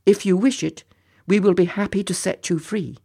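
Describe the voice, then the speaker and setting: A man's voice: high-pitched, steady tone, moderate pace, creaky, warm tone, breathy edge, voice pushed up, exaggerated voice. A man voicing a courteous leader of a rescue party, speaking in formal, careful, polite words. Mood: earnest, formal.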